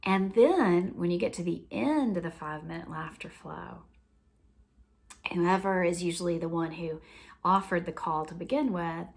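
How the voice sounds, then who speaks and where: A woman teaching a laughter practice in a gentle, unhurried way, often dropping to a near whisper. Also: on the low side, gravelly. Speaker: laughter coach. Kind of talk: instructional talk.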